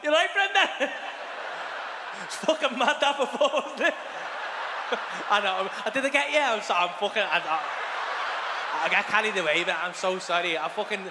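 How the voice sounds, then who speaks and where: A man doing a crude, animated stand-up set in a comedy club, swearing freely and bantering with the crowd. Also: sits high, normal speed, long pauses. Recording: reverberant club hall with crowd noise.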